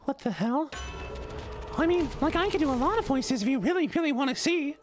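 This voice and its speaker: A man putting on a squeaky, high-pitched silly voice, playful and quick. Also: expressive, over music.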